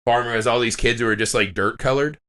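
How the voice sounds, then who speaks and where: Talking fast in a mid-range voice, a man co-hosting a podcast trades stories in casual conversation, cursing plenty along the way. His storytelling is animated.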